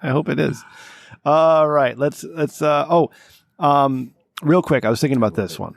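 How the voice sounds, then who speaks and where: A man's voice: fairly high pitch, normal speed, vocal fry, dry recording, clean studio sound. A man hosting a casual comedic podcast who jokes and laughs often. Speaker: podcast host.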